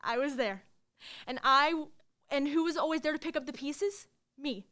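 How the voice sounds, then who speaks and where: A young woman's high voice, hurt and reproachful, as an actress reads the part. She plays a girlfriend who is firmly ending a relationship. It comes from a live reading of a new play. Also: normal speed, sharp tone. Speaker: stage actor in a play reading.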